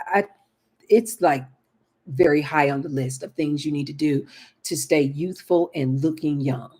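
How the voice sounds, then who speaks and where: A woman's voice: low voice, warm tone. A woman talking casually to camera in a vlog, chatty and emphatic, often turning to address her viewers directly. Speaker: lifestyle vlogger.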